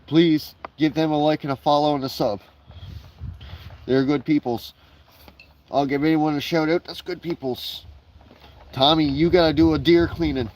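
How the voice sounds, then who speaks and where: A man's voice: fairly high pitch, fairly even intonation, moderate pace, long pauses, a little mellow, slight background noise, rough recording. Rambling, profane man streaming outdoors. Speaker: livestreamer. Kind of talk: casual live-stream chat. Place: outdoors in his backyard.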